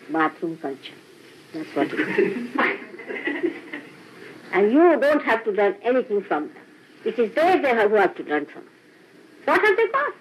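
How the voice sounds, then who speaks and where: A woman's voice: medium pitch, breathy edge. An older woman gives an informal spiritual talk to followers, laughing often and acting out little dialogues. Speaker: spiritual teacher. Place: small room with a gathering. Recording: dull lo-fi archival tape.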